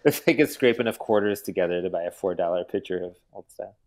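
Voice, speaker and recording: A man with a lowish voice recounts old misadventures in a loose, conversational way. He mocks himself and laughs through his stories, like a guest trading tales on a podcast. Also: quick pace. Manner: laughing, self-mocking anecdotes. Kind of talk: casual storytelling.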